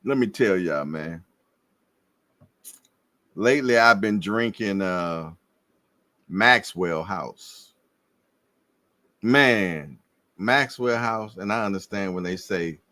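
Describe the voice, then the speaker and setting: A man hosting a casual boxing livestream, slangy and animated, laughing and repeating himself as he reads viewer comments. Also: low-pitched, no echo. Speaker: livestream host.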